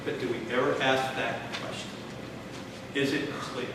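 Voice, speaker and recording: A man teaching a college class with a Texan accent, lively and questioning the students, acting out little exchanges as he goes. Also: medium pitch, moderate pace, background noise. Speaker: college instructor. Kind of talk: classroom lecture. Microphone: far room mic. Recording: echoey classroom from far off.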